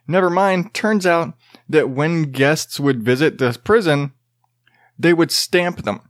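A man's voice: mid-range voice, normal speed, dry recording, studio quality. A man hosting a casual news commentary show, rambling and profane, with jokey asides.

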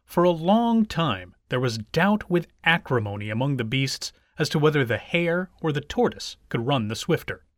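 A man narrating fables aloud in an expressive, animated storybook style. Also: on the high side, moderate pace, few pauses, dry recording, studio quality. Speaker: reader.

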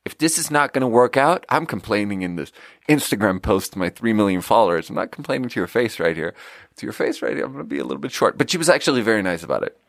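A man with a Swedish accent telling a restaurant story casually as a podcast host, getting animated and loud when quoting people. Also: quick pace, no room sound, studio quality. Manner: animated, rises to high shouting when quoting the kitchen.

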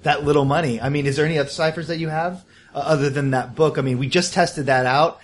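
A man's voice: on the high side, steady tone, fast talker. A man playing a tabletop game in character, sarcastic and blustering, often laughing. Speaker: player.

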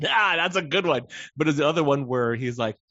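A man co-hosting a podcast, talking in a casual, animated way and swearing freely. His pitch swings widely. The sound is dry and a little muffled. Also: brisk, no echo. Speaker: podcast co-host. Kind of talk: casual chat.

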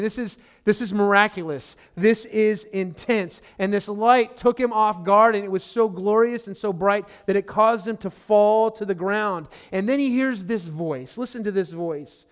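High-pitched and clean in tone, this man preaches a sermon as a pastor. He's earnest and emphatic, repeats key phrases and speaks straight to listeners, calling them "friend."

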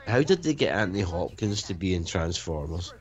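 A man's voice: sits low, very animated, a little fast, lo-fi sound, a little hiss or hum. A man co-hosting a casual movie commentary, dropping dry, sardonic quips. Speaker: podcast commentary co-host.

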